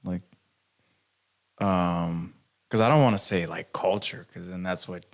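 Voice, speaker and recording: A man's voice: low-pitched, a little slow. A man co-hosting a casual podcast, talking in a loose, slangy way. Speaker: podcast co-host.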